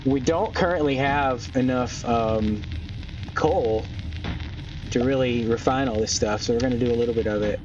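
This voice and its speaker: A man casually narrating his own gameplay, thinking aloud and filling pauses with ums as he goes. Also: mid-range voice, far from the mic, background noise. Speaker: gaming channel host. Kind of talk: casual let's-play commentary. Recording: dull lo-fi mic a bit off, faint music. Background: faint background music.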